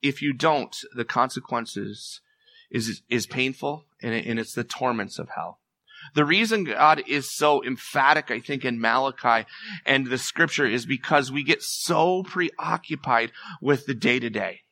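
A man's voice: medium pitch, unhurried, pushed and bright. A man preaching a sermon as pastor, earnest and emphatic, pressing his point with rising intensity.

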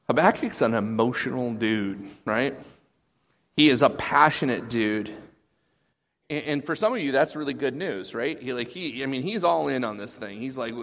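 A man preaching a sermon, animated, acting out quoted voices with sudden jumps in pitch. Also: moderate pace. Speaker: pastor.

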